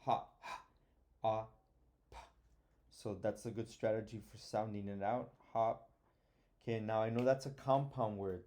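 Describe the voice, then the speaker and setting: A middle-aged male teacher talks through a lesson at an unhurried pace, in a lowish, warm, mellow voice. He stops to think aloud and sounds out each word with patience. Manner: slow, patient, sounds words out. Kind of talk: online phonics and grammar lesson.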